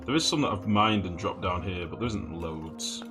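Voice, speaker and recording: Deep-voiced man streaming a game. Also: lively intonation, moderate pace. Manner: thinks aloud, swears casually, chats with viewers. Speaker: gaming streamer. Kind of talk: casual live game commentary. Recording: game music under the voice.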